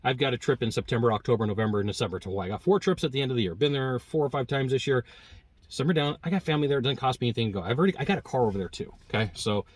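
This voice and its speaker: A man talks through a sales lesson in an easygoing, story-driven way. His pitch sits in the middle range, and he jumps higher and louder whenever he acts out what customers say. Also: rapid-fire, no room sound. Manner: animated storytelling, acting out customer quotes. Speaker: sales trainer. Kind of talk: casual spoken sales lesson.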